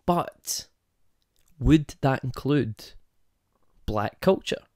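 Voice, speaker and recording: Very slow and a little mellow, the man's mid-range voice still has lively intonation, heard without echo in clean studio sound. He hosts his podcast solo, rambling casually, straying into tangents and posing rhetorical questions to listeners.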